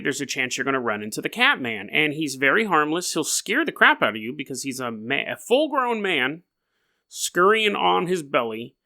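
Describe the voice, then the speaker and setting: A young man hosts his podcast in a loose, rambling storytelling style, breaking off for jokey asides. His voice sits a little high and rings bright and forward. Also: lively intonation, normal speed. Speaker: podcast host.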